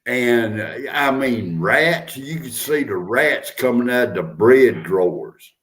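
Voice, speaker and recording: Older man, folksy drawl, unhurried, casual chat host. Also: medium pitch, lively intonation.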